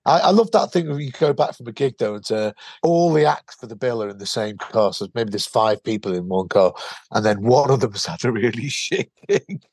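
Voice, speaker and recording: A man's voice: mid-range voice, expressive, brisk, a little mellow, slightly rough, dry recording, studio quality. A man hosting a comedy podcast, introducing segments and musing in rambling asides. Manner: rambling, reflective asides with fillers. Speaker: podcast host. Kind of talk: casual podcast chat.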